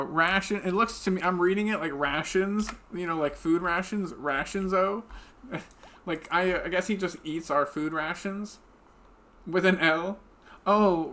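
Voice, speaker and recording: Pushed and bright, his voice sits high, with a little hiss or hum in the audio. Speaking into a desk mic during a live game stream, he giggles and chats casually with viewers while playing.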